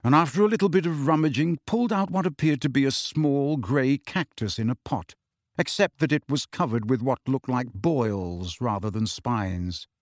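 A man reading a fantasy novel aloud in a steady, expressive storytelling manner. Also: medium pitch, normal speed, no echo, studio quality. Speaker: audiobook narrator. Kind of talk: scripted fantasy novel narration.

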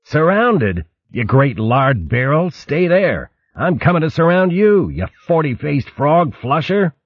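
A man's voice: on the low side, big pitch swings, measured pace, breathy edge, no echo, lo-fi sound, heavily acted. A man voicing a cheeky, boastful male mouse thief who jokes brashly and hurls comic insults. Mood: cocky. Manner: brash, jokey, name-calling.

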